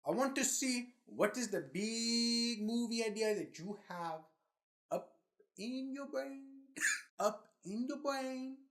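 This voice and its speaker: A man's voice: very high voice, expressive, takes it slowly, a bit bright, exaggerated voice. A man playing a pushy male movie studio boss in a comedy sketch. He talks in a bossy way and keeps repeating the other man's name.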